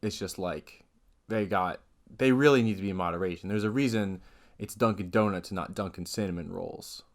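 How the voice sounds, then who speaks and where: Young man, low voice, dry jokes. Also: a little fast. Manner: dry, offbeat jokey delivery. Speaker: podcast co-host. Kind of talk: casual chat.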